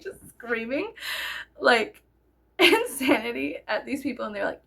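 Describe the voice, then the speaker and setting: Gravelly high-voiced woman telling a story. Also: unhurried. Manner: animated, bursts into loud laughing shouts. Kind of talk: casual storytelling.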